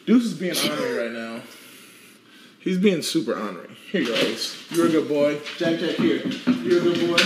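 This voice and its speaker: A man's voice: on the high side, expressive, moderate pace, roomy sound, noisy background. A man, a guest athlete, chatting casually on a live stream from home, playfully coaxing his dogs. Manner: playful, calls and coaxes his dogs in rising tones.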